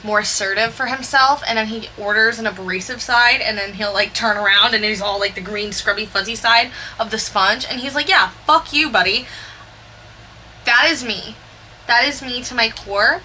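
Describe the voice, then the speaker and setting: Bright, rambling young woman. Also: medium pitch, slight background noise. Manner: rambling, candid and animated, with quick asides. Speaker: Sims builder narrating her speed build. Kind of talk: chatty voiceover storytime.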